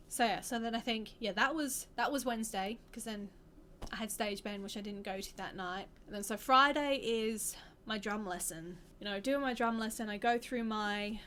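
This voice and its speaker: A woman's voice: mid-range voice, normal speed, a bit bright, slight background noise. An Australian woman in her twenties telling a personal story to camera, candid and rambling, often restarting her sentences. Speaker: vlogger.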